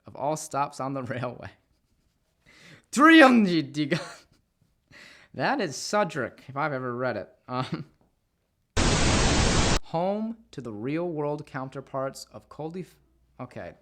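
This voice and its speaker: A man's voice: mid-range voice, heavy background noise. A man voicing narration who often stumbles over words, apologizes and rambles between takes. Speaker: voice actor reading narration. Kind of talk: script read-through with outtakes.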